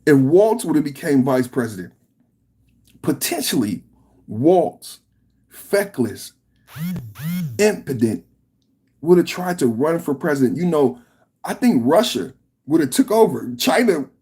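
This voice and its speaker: A man hosting a podcast, delivering a political reaction rant in an emphatic, slangy, repetitive way with a husky voice. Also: fairly high pitch, big pitch swings, unhurried, long pauses, warm tone. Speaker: podcast host.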